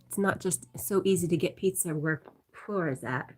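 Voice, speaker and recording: A woman with a soft, breathy, slightly low voice chats easily on a livestream. She reads out viewers' comments and answers them in a relaxed, friendly way, close to the mic. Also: moderate pace. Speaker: livestream host reading chat. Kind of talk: casual chat.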